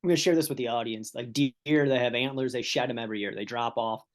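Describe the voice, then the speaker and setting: A man's voice: medium pitch, fast. A man appearing as a podcast guest, telling stories in a laid-back, casual way. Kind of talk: casual chat.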